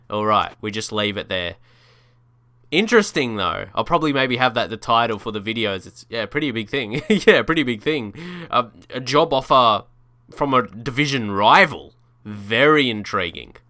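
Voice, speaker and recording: Bright, clear-voiced young man gaming. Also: medium pitch, no echo, clean studio sound. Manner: chatty, thinks aloud, frequent restarts and laughs. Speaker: gaming video creator. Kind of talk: casual let's-play commentary.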